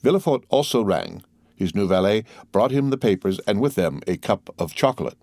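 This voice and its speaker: A man with a lowish voice narrates a classic novel in a measured, steady way. The recording is dry and close, with no room sound. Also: dry recording. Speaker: audiobook reader. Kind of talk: scripted narration.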